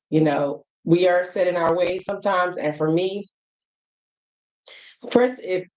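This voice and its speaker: A woman's voice: fairly low pitch, low-quality recording. A middle-aged American woman with an African American English accent, giving frank, chatty advice straight to the camera with lots of asides and fillers. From United States. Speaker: travel vlogger. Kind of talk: casual advice chat to camera.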